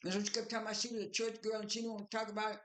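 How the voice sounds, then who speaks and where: A woman's voice: mid-range voice, completely flat delivery, very fast, fairly bright tone. A woman casually recapping TV episodes in a rambling way, full of fillers and restarts as she retells what was said. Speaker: reality TV recap vlogger. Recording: roomy echo.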